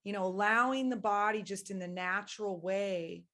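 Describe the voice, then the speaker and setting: A woman guest on a podcast, talking at a mid pitch in a reflective, meandering way. Her tone is casual and conversational, with plenty of fillers. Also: moderate pace, bright, forceful tone. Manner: reflective, rambling.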